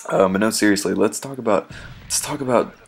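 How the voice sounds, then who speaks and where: Male gameplay commentator, low gravelly voice, loose chatty rambler. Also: fairly quick. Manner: rambling and chatty, many ums and restarts, chuckles often.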